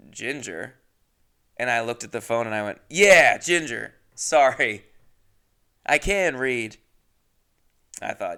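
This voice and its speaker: A man's voice: medium pitch, gravelly, pushed and bright, smooth. A young man telling a rambling, self-deprecating comic story as a comedian, full of asides.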